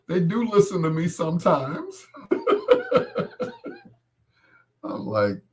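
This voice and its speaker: A man hosting a casual chat, animated and laughing often, calling people affectionate pet names. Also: on the high side, a little slow. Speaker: host.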